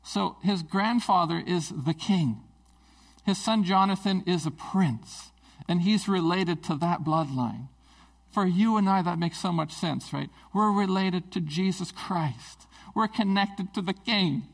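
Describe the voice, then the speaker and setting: A male preacher delivers a conversational sermon, asking the congregation rhetorical questions. His voice is gravelly, with a fairly high pitch. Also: moderate pace, fairly bright tone.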